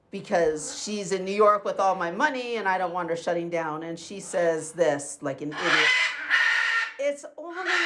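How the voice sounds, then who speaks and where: A middle-aged woman venting in a personal video diary, profane and sarcastic as she rants. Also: medium pitch. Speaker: vlogger. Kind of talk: angry personal venting monologue. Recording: faint background noise and clicks.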